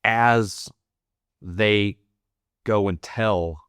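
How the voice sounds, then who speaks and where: Deep-voiced man telling profane war stories. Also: drawn-out words, fairly bright tone, clear, resonant tone, no echo, studio quality. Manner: profane, rambling, full of "like" fillers. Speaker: podcast guest, Marine veteran. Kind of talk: casual storytelling.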